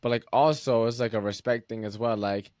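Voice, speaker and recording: A man's voice: mid-range voice, steady tone, a little fast, a little mellow, dry recording. A young man hosting a casual interview, talking loosely with many fillers into a close mic. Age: young adult. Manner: loose, filler-heavy, says "like" often. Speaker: podcast host.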